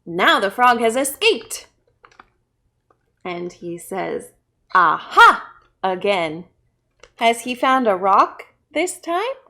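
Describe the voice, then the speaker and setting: A woman children's librarian reading a picture book aloud to kids, playful and bursting into loud exclamations. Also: on the high side, big pitch swings, slow pace, pauses often. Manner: playful, with big shouted exclamations.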